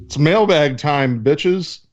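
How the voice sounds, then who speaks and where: A man's voice: a little high, animated, slow pace. Joking man reading mailbag, lo-fi. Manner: loose, joking, swearing, stumbles over names. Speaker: podcast co-host reading listener mail. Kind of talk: casual podcast banter.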